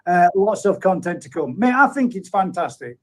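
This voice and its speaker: A man's voice: high-pitched, very animated, normal speed. A man hosting a live stream, chatting in a matey way and reading out viewer comments with frequent chuckles. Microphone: streaming setup at a computer.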